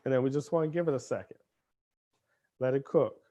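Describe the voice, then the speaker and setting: A man's voice: mid-range voice, fairly quick, warm tone. A man hosting a cooking demonstration in a kitchen, talking in a playful, chatty way as he cooks. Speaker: cooking show chef.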